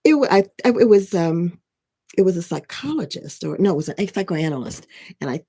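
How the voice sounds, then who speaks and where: A husky-voiced spiritual and life coach teaches in a loose, conversational way. The talk rambles with restarts and constant "right?" check-ins, at a middle pitch. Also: very animated, brisk, mellow. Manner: rambling, full of restarts and tag questions.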